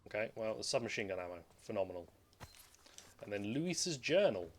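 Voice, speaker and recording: A man's voice: lowish voice, big pitch swings, a little fast. A man streaming gameplay, rambling and joking casually as he plays, swearing freely. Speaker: streamer playing a video game. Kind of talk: casual live gameplay commentary.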